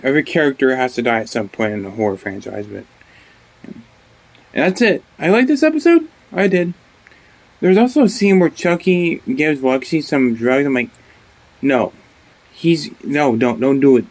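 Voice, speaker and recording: Rambling, swearing man reviewing a show. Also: mid-range voice. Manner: rambling, profane, with many restarts. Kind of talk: casual vlog review.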